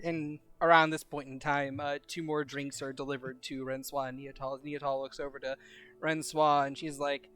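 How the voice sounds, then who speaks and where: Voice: mid-range voice, flat delivery, fairly bright tone, dry recording. A game master narrating a tabletop game, laughing and restarting often. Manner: laughing, halting, lots of restarts.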